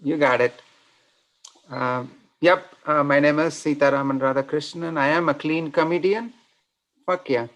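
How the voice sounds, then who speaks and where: A man from India with an Indian accent, performing a stand-up set of deadpan one-liners over a video call. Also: on the high side, moderate pace, muffled recording. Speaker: stand-up comedian. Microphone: computer mic on a video call.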